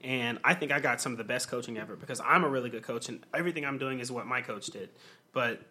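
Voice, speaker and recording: A man who works as a comedian, a guest on a podcast, speaking earnestly with halting restarts. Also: medium pitch, pushed and bright. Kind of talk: casual podcast chat.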